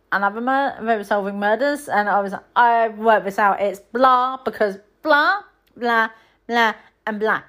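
A woman's voice: medium pitch, a bit bright. A woman hosting a podcast, chatting casually and rambling through film reviews with lots of ums. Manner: chatty, rambling, frequent ums and self-corrections. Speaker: podcast host.

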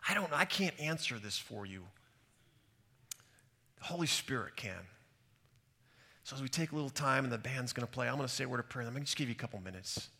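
A man's voice: medium pitch, animated, fast talker, vocal fry, pauses often, sharp tone, breathy edge. A middle-aged man, a pastor, preaching a sermon and telling personal stories in an earnest, reflective way, recorded on a stage mic in a large church hall. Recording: hall reverb.

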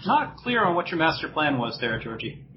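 Sarcastic guy at a game table, bouncy voice, fairly high, lo-fi mic with faint hiss. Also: sing-song, normal speed. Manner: teasing, sarcastic. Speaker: player. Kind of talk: casual tabletop play. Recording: dull lo-fi audio with faint noise.

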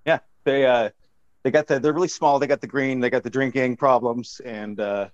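Man, goofy, rambling, improv comedy call, tech support agent, mid pitch, dull lo-fi sound. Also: fairly even intonation, normal speed.

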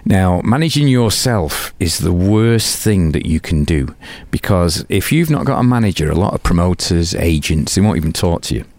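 An older British man with a fairly low voice tells his stories as an interview guest, and his pitch swings widely as he goes. He swears casually and often slips into acting out what other people said. The sound is dry and close, with no room echo. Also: normal speed, few pauses. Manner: animated, swearing, acts out others' lines.

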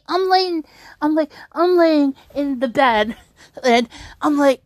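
A woman's voice: high-pitched, animated, normal speed, no room sound. A young woman telling an upsetting personal story on her vlog, rambling with many restarts and fillers. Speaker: YouTuber.

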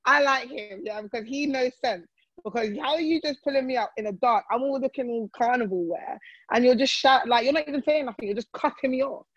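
A woman, co-hosting a casual chat and telling a story in a relaxed way, full of slang. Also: high voice, fairly quick, no echo, lo-fi sound. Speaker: podcast co-host.

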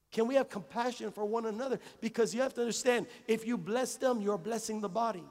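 In a large hall inside a church sanctuary, a male pastor preaches a conversational sermon to his congregation, repeating phrases and acting out little dialogues. His voice is high-pitched and a little mellow, moving at a quick pace with few pauses.

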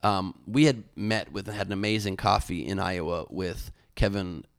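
A man's voice: deep voice, normal speed, vocal fry, smooth, dry recording, studio quality. A young man, a comedian and former candidate, telling a story in a casual interview, with many restarts.

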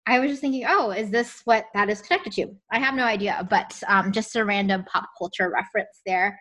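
A woman's voice: mid-range voice, brisk, pushed and bright. Enthusiastic young woman podcast co-host. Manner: enthusiastic, casual slang. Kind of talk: casual chat.

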